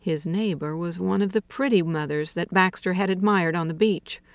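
A woman reading a literary short story aloud in a slow, measured way, dropping to a hush for quiet dialogue. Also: fairly low pitch, no room sound. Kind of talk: audiobook narration of literary fiction.

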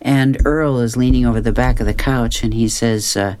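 A man's voice: mid-range voice, fairly even intonation, normal speed, hardly any pauses, a little mellow. A man reading comic strips aloud, describing each panel and chuckling often. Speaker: reader.

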